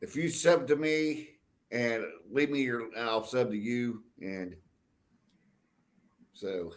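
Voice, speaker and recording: A man's voice: medium pitch, slow pace. Male stream host, casual chat, short agreeable responses. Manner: brief, agreeable replies.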